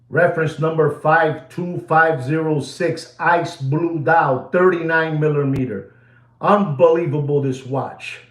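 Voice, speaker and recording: A man giving a watch market update, theatrical and animated, swinging from loud calls to hushed asides and dropping Spanish phrases into his English. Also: fairly high pitch, reverberant.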